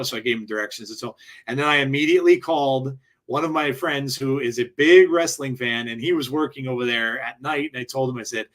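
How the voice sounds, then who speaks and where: A man's voice: medium pitch, brisk, fairly bright tone. A man co-hosting a wrestling podcast, chatting casually and telling rambling stories with restarts and laughs. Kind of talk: casual chat.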